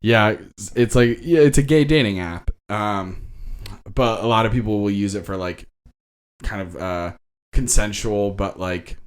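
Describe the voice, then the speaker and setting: A young man co-hosting a podcast, reviewing a movie in casual chat and acting out lines with sudden high jumps. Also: unhurried. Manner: animated, acts out quotes with big pitch jumps. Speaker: podcast co-host.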